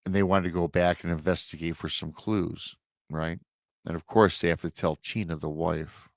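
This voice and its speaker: A man's voice: low voice, fairly even intonation, moderate pace, creaky, no echo, studio quality. A man hosting a show, dramatically retelling a listener's emailed story with emotional asides. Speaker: host reading listener accounts. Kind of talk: storytelling podcast narration.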